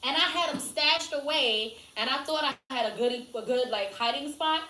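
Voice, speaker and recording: A woman co-hosting a podcast, telling animated stories in casual chat and swearing freely. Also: high voice, normal speed. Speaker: podcast co-host. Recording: echoey room, mic at a distance.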